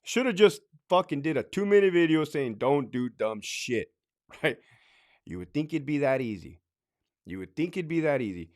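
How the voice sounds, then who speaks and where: A man's voice: a little high, very animated, moderate pace, darkish tone. A man who used to be a correctional officer, giving blunt, profane advice in a casual talk and ending many points with "right?".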